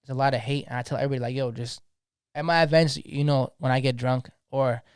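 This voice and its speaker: A man's voice: medium pitch, fairly even intonation, quick pace, smooth, no room sound, clean studio sound. A young man, talking passionately in a slangy, casual podcast conversation, often repeating words as he gets going. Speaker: DJ guest.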